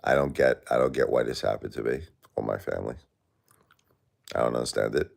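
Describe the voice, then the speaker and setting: A man's voice: a bass voice, a little fast, vocal fry. A grieving man hosting a live stream, talking in an aggrieved, plaintive, repetitive way and answering chat. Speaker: livestream host.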